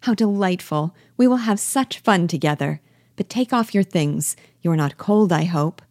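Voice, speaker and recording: Woman voicing a chattering young wife, eager, excitable, climbs high on exclamations. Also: unhurried, dry recording, studio quality.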